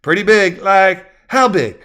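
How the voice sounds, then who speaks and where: A man plays a curious ten-year-old boy in a spoken story. His voice is pitched far above the narrator's and pushed louder. He fires off eager, wide-eyed questions. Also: expressive, unhurried, exaggerated voice. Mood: excited.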